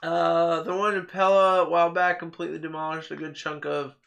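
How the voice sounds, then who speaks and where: A man co-hosting a podcast in casual chat, telling animated stories, laughing often and mimicking the people in them. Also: a little high, brisk, creaky. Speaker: podcast co-host.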